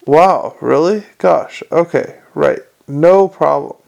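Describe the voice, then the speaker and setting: A fretful little imp gadget chatters in an eager, apologetic rush, as a man puts it on. The voice sits a little high with a gravelly texture and fumbles over its words. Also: takes it slowly, darkish tone, heavily acted. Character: eager, anxious little male imp organizer.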